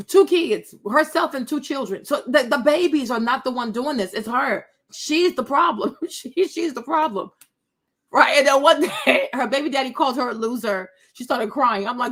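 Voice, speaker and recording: A woman's voice: sits high, fairly bright tone. A woman giving casual reaction commentary on online videos, blunt and mocking, often laughing as she talks.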